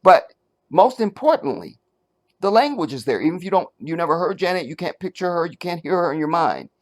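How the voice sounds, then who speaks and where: A man hosting his own commentary channel, talking in a casual, animated way and checking that the viewer is following. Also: on the high side, brisk. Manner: animated, talks straight to the viewer, asks if they follow; searches for words, many restarts and fillers.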